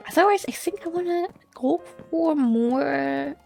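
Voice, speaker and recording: A woman's voice: high voice, unhurried, creaky, darkish tone, faint music behind. A woman with a slight German accent, thinking aloud as she hosts a casual gameplay commentary, musing and hesitant. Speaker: let's play host.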